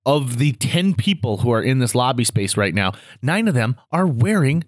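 A man hosting a podcast, telling an anecdote in a casual chat and acting out other people's lines with quick asides. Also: medium pitch, big pitch swings, no room sound, clean studio sound. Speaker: podcast host.

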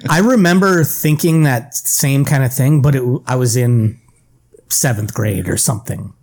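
A man's voice: medium pitch, moderate pace, darkish tone. A man co-hosting a podcast in casual chat, chiming in with short, dry quips. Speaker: podcast co-host.

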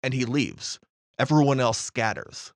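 A man's voice: mid-range voice, a little slow, no echo. Dry-voiced man telling a personal story. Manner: matter-of-fact, dry understatement.

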